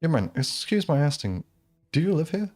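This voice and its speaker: Guy putting on a prim old man voice, nosy neighbor type, pitched up higher than normal. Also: sing-song, moderate pace, a little mellow, faint music behind. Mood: prying. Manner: prim, nosy, formal questioning. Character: suspicious elderly male building resident.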